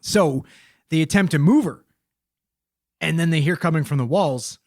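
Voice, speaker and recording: A man's voice: fairly high pitch, moderate pace, no room sound, studio quality. A man co-hosting a podcast, telling a story in a casual, profane, rambling way full of fillers.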